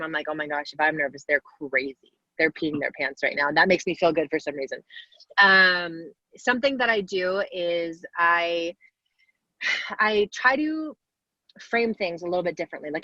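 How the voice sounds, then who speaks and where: A woman's voice: fairly low pitch, no echo. Encouraging woman on a dull video call. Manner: warm, upbeat, talks directly to the kids. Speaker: guest athlete answering questions. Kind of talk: casual encouraging advice to young players.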